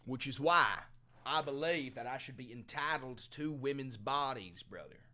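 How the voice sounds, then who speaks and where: A young man playing a crude, brash livestreamer who swaggers, swears and swings from mumbling to shouting. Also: medium pitch, lively intonation, moderate pace. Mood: boastful. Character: crude brash male livestreamer, calls everyone brother. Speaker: comedian. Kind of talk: comedic character sketch.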